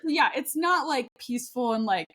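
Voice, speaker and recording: A woman in her thirties talks through a podcast chat in a slightly high voice. She rambles earnestly, circling back with fillers and restarts, and speaks from the heart. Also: lively intonation, normal speed, bright, forceful tone. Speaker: podcast co-host. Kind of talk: casual chat.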